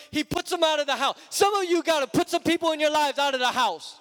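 A male preacher delivering an emphatic, repetitive sermon that builds to shouts. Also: very high-pitched, fairly quick, hardly any pauses. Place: church sanctuary. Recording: long church reverb with music.

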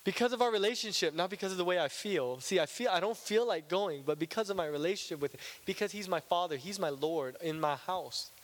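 A man's voice: sits high, lively intonation, a little fast, hardly any pauses, in a large hall. A male pastor preaching a conversational, joking sermon in a church, often checking in with "right?".

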